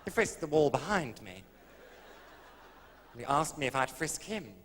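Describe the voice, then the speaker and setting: A man's voice: a little high, big pitch swings, unhurried, fairly bright tone. A man, telling a camp, arch, innuendo-laden story as a stand-up comedian on stage. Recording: echoey old live stage recording with faint hiss.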